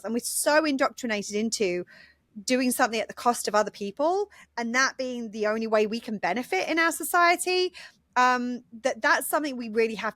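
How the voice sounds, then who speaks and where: Higher-voiced woman co-hosting a podcast. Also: no echo, clean studio sound. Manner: explains at length, earnest and lively. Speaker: podcast co-host. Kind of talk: casual conversational podcast.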